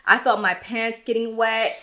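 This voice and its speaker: A woman's voice: a little high, steady tone, measured pace, bright, forceful tone, slight background noise. A woman co-hosting a podcast, telling a personal story in a subdued, earnest casual way. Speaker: podcast co-host.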